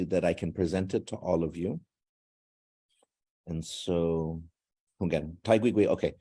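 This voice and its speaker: A man's voice: low voice, dark tone. A man from Guam hosting a language class showcase over a video call, chatty and joking as he switches between languages. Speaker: language class teacher and host.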